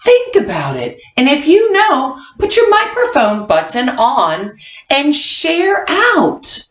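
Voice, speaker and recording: A woman teaching a kindergarten class online, coaxing answers with slow, sing-song hints. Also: sits high, huge pitch swings. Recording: echoey room.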